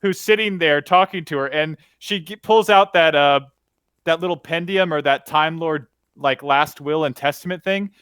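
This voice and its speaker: A man's voice: on the high side, moderate pace, fairly bright tone, clean tone, dry recording. A man in a casual fan discussion, talking bluntly and opinionatedly. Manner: opinionated, blunt, laughs at his own stories.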